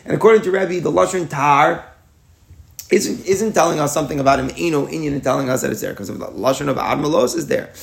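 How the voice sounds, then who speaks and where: Fast, gravelly Talmud teacher. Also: male voice, fairly high pitch. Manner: explains aloud with rhetorical questions, mixes Hebrew and Yiddish terms. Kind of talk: daily Talmud class lecture.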